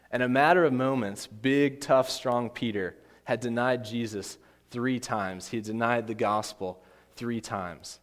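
A man's voice: medium pitch, moderate pace. Man preaching in a reverberant hall. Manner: storytelling with acted voices, emphatic repetition. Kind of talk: sermon. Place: church.

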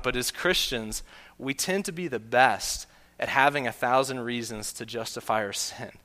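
An earnest pastor with a sharp-toned, mid-range voice preaches a sermon built around a story, acting out its quotes to make his point. Long hall reverb colors the recording.

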